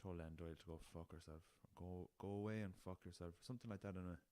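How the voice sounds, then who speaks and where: A low-pitched Irish man chats alone into a podcast recorder, rambling and swearing as he tells a story. The sound is dry and close, with no room around him. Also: steady tone, fast, dark tone, no room sound. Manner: rambling, swears freely, addresses listeners as lads. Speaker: podcast host. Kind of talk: casual solo storytelling. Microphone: podcast recorder with laptop.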